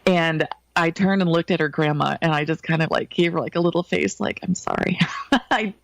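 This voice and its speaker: A woman's voice: deep voice, fairly quick, vocal fry, dry recording. A woman co-hosting a podcast, telling a story in a casual, chatty way and laughing often. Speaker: podcast co-host. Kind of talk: casual chat.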